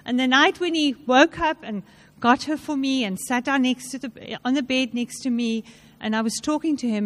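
A woman's voice: high-pitched, moderate pace. A woman speaking during a sermon, sharing personal stories in a chatty way.

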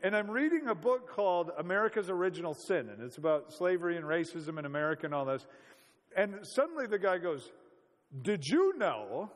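A man's voice: high-pitched, lively intonation, fast talker, long reverb tail. A man preaching a sermon in a conversational, storytelling way, full of rhetorical questions.

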